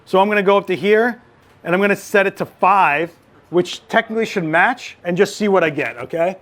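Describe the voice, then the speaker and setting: A man running a live photography lighting demo, chatty and joking, with quick asides. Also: high-pitched, a bit bright. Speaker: photography instructor.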